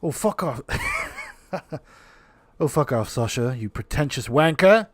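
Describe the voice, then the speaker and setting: A man doing a rough, scornful English bloke. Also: medium pitch, very animated, fast talker, no echo. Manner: clumsy put-on English accent, loud and scornful. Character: crude mocking English bloke, adult man.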